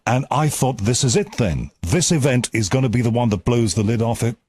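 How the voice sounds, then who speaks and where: A man's voice: mid-range voice, animated, a little fast, a little mellow, slight background noise. A man from the UK hosting an interview, chatty and given to repeating and restarting words. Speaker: interviewer and host. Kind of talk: casual interview chat.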